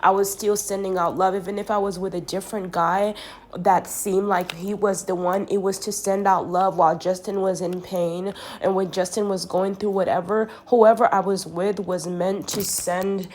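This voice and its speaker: A woman's voice: medium pitch, little pitch movement, normal speed. A woman talking straight to camera in an earnest, rambling monologue, sounding congested and often restarting her sentences. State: congested from sinus trouble.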